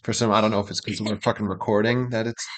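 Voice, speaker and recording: A man's voice: on the low side, steady tone, quick pace. A young man co-hosting a casual reaction chat, explaining lyrics in a loose, rambling way full of fillers. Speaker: co-host explaining song lyrics.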